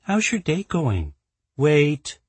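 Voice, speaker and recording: A man's voice: fairly high pitch, huge pitch swings, takes it slowly, breathy edge, no room sound, voice pushed up, full character voice. A man voicing a kind, upbeat teenage schoolgirl who speaks in a friendly, teasing way.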